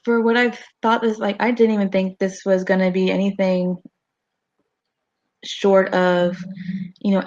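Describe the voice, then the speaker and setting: A woman voicing a gracious, flattering woman adventurer who talks effusively. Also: mid-range voice, lo-fi sound, slight background noise, natural voice. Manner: sweet-talking, effusive.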